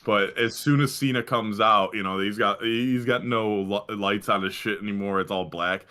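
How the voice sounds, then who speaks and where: A man's voice: fairly low pitch, moderate pace, sharp tone. A young man co-hosting a podcast, rambling casually about sports with lots of restarts. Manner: rambling, profane, full of restarts. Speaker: podcast co-host.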